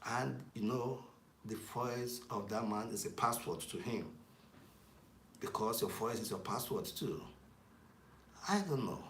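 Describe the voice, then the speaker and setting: A man's voice: medium pitch, a little slow, pauses often, fairly bright tone. A man giving a rambling casual talk, with many fillers and restarts. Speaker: commentator. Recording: echoey room with faint noise.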